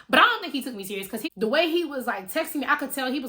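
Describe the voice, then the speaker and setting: A woman telling a story to her viewers in a casual, animated way, full of slang and swearing. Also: high-pitched, racing, few pauses, slight background noise. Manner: animated, slangy and profane, addressing viewers directly. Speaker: storytime vlogger.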